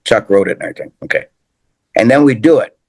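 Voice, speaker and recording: Older male guest, lowish voice, rambling storyteller who restarts a lot. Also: lively intonation, quick pace, gravelly, husky. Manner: rambling storyteller, repeats phrases, many restarts. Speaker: guest, TV personality. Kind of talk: casual chat, rambling anecdotes.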